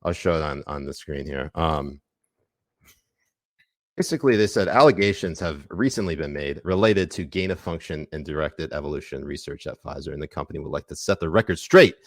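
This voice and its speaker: A man hosts a casual comedy podcast, speaking in a deep, low register. His delivery is loose and jokey, and his sentences trail off into fillers. The sound is dry and close. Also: expressive, fairly quick, no room sound. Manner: joking, loose, many fillers. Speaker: podcast co-host.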